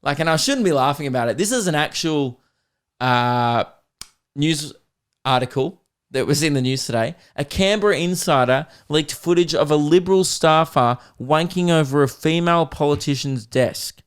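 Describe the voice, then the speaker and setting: A young Australian man with a somewhat high voice hosts a comedy podcast. He rants with crude humour and breaks into laughter as he goes. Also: moderate pace, smooth. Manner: animated, profane, laughing often. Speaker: podcast host.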